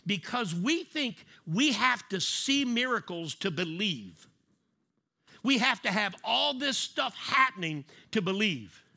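A man's voice: high voice, big pitch swings, normal speed, gravelly, pushed and bright. A middle-aged man preaching a sermon in a conversational way, acting out little scenes and repeating key lines for emphasis. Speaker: pastor.

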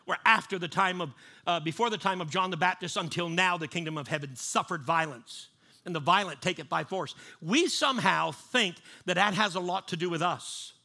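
A man's voice: sits high, sharp tone. A man preaching a sermon in a conversational way, often repeating and restarting his words. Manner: conversational, repeats and restarts, acts out panicked voices.

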